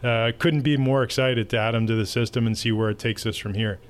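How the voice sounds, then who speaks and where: A man, a baseball team executive, answering interview questions in a relaxed, anecdotal way. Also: mid-range voice, a little fast.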